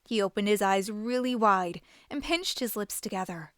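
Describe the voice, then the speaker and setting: A woman hosting a reading show, reading a children's book aloud in an expressive, animated way. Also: medium pitch, moderate pace, no room sound, clean studio sound. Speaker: host and storybook reader.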